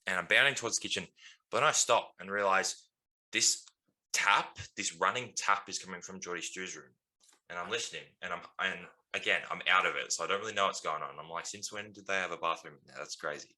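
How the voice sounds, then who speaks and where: A podcast co-host with a low-pitched voice and a bright, forceful tone, talking fairly quickly. He rambles through a story full of ums and laughter, chatting as if among mates.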